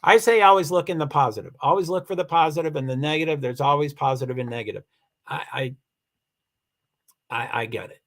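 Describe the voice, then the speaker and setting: Halting, insistent man livestreaming. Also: a little high. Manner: halting, many restarts, firm and insistent when annoyed. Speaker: livestream host. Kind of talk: casual livestream chat reading comments.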